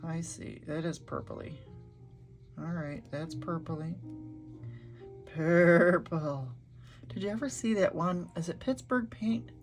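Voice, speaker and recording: Slow-talking chatty woman painting. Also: fairly low pitch, faint music behind. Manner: chatty, gushing, thinking aloud. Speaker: art vlogger. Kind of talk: casual chat while painting swatches.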